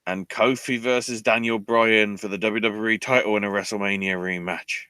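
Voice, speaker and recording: Sarcastic man, crisp dry podcast voice. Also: lowish voice, fairly even intonation, moderate pace, sharp tone, dry recording. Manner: sarcastic, exasperated storytelling. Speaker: podcast host. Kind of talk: casual chat recapping a wrestling show.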